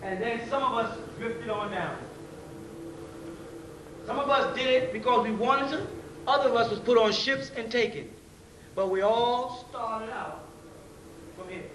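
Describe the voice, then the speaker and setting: A man's voice: very high voice, unhurried, long pauses, noisy background. A man teaching an informal class, talking bluntly in slang and often checking in with his listeners. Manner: conversational, keeps checking in with rhetorical questions; blunt street slang and profanity. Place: class meeting room. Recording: roomy, distant 1990s class recording.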